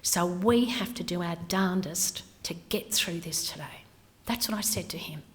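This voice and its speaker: A woman's voice: fairly low pitch, moderate pace. A middle-aged woman giving a candid personal talk, her voice falling to whispers for emphasis. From Australia. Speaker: speaker. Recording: hall with long reverb.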